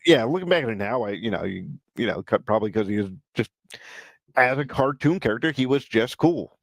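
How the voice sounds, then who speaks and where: A man co-hosting a podcast in easy, profane banter. His voice sits in a middle pitch and the sound is dry and close to the mic. He jokes crudely between memories. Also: animated, brisk, no echo. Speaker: podcast co-host.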